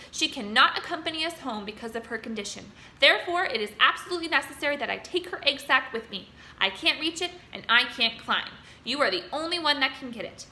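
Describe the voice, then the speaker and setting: A woman's voice: sits high, sharp tone, exaggerated voice. A woman voicing a young male pig from a storybook, earnest and panicky, crying out and pleading. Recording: roomy room echo.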